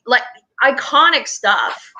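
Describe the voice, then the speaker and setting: A young West Virginia woman with a high, bright, forceful voice chats slowly and animatedly in a casual interview about her touring theater troupe. She rambles, restarts often, and laughs between stories. The audio quality is poor.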